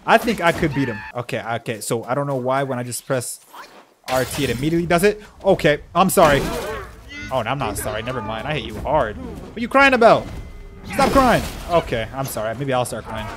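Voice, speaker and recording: A young man giving casual, excitable, self-mocking commentary while playing a video game, yelping when he gets hit. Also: mid-range voice, quick pace, music in the background. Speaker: gaming YouTuber.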